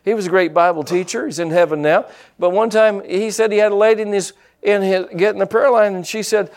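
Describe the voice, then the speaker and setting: Male pastor, middle-aged, folksy and blunt, a touch high with a gravelly edge. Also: steady tone, fairly quick, a little mellow. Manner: folksy, blunt preaching with quoted asides. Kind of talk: sermon.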